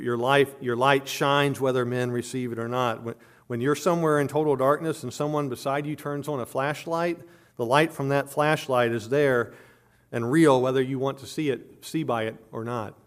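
A middle-aged man preaching a sermon earnestly, stumbling over repeated words and rising on emphatic points. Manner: earnest preaching with frequent word repetitions and restarts; rises in pitch and volume on emphatic points. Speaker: pastor.

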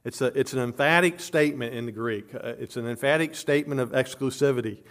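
A middle-aged man delivers a sermon in an earnest preaching manner. His pitch sits in an ordinary middle range for a man. He often stumbles into repeated words and climbs louder on his emphatic claims. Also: fast talker. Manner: earnest preaching with frequent word repetitions and restarts; rises in pitch and volume on emphatic points. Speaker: pastor.

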